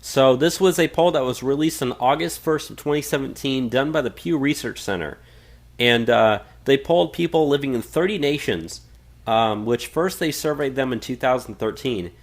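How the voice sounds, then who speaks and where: A man co-hosting a casual political podcast. He reads quoted passages aloud and talks loosely, with frequent fillers and false starts. His voice sits at a middling pitch. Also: normal speed. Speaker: podcast co-host. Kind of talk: casual political talk radio.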